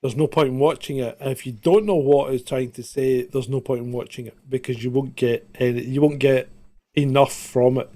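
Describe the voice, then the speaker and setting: A man's voice: mid-range voice, steady tone, fairly quick, warm tone. A man in a casual podcast chat who jokes around and laughs often.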